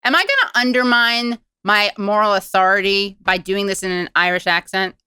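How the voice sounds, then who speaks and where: A woman's voice: mid-range voice, normal speed, bright, forceful tone, smooth, no echo, clean studio sound. A woman hosting a playful comedic panel chat, asking questions. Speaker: host.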